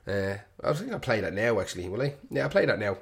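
An Irish man in his young adult years hosts a radio show with a slightly low voice. He rambles casually between songs, swearing freely and joking with an irreverent edge. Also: big pitch swings, fast, vocal fry.

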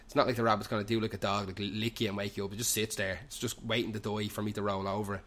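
A man's voice: lowish voice, flat delivery, racing, fairly bright tone. Swearing young Irish man telling a story. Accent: Irish, Dublin slang. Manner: heavy swearing, loose run-on storytelling. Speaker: podcast host. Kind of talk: rambling comic anecdote. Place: pub.

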